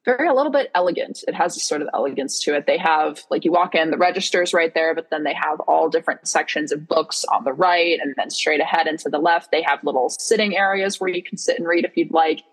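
A young woman tells her story with lively excitement, her voice a touch low and husky. She talks casually with a co-host, racing through the exciting parts. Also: quick pace, hardly any pauses, low-quality recording. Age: young adult. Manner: excitable storyteller, animated retelling. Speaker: podcast co-host. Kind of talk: casual chat.

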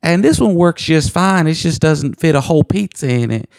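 A man putting on a high voice for a little rural Kentucky lady, with an Eastern Kentucky accent, rambling on about selling a microwave. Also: animated, normal speed, gravelly, a little mellow, no room sound. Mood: chatty. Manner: chatty, rambling, high falsetto.

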